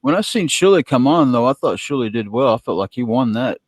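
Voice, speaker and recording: A man chatting casually as a co-host, laid-back and a little halting. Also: mid-range voice, expressive, dry recording. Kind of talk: casual chat.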